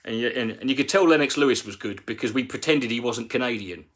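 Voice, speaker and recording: A man's voice: medium pitch, fast, a bit bright. A man, a comedian, ranting casually on a live stream with rambling, profane talk and many restarts.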